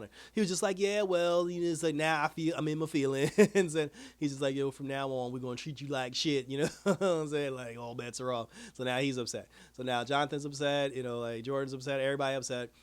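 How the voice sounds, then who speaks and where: A man hosting a casual TV episode review, retelling scenes in an animated way with quoted dialogue and frequent laughs. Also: mid-range voice, fast, few pauses. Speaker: TV review host.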